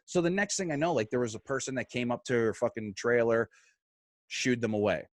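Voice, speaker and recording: Speaking a little fast in a medium-pitched voice, this man is a guest on a relaxed podcast, cursing liberally and voicing each character's quotes as he tells his story. The studio-quality audio has no room sound.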